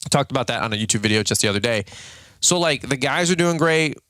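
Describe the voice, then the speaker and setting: A man in his thirties hosts a relaxed podcast, rambling through stories with frequent laughter. His voice sits at an ordinary pitch and is recorded close and dry, with no room sound. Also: fast talker, smooth, dry recording. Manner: joking, rambling, laughs often. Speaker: podcast host. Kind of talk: casual chat.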